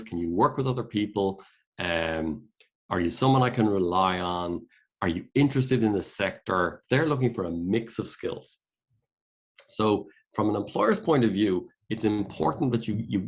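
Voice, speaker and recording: A middle-aged Irish man, a career consultant giving a workshop talk over a video call, earnest and repeating key points for emphasis. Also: fairly low pitch. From Ireland.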